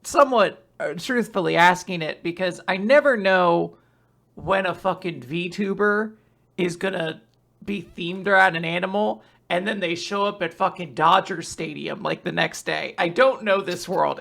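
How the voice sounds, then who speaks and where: A woman's voice: on the low side, unhurried, gravelly, fairly bright tone. A woman co-hosting a podcast, rambling in casual chat and swearing freely. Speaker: podcast co-host.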